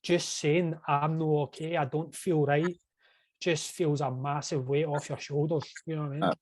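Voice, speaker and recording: A man speaks as a podcast guest over a video call, his voice pitched a little high and the sound close and dry. He tells his story openly and with feeling, often checking in with "you know what I mean?". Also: flat delivery, moderate pace, no echo.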